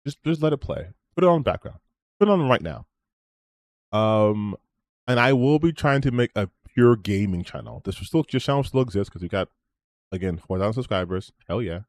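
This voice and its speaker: A man's voice: lowish voice, expressive, normal speed, no echo. A man streamer closing out his stream in a rambling, self-promoting chat, swearing freely as he talks. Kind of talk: casual stream sign-off chat.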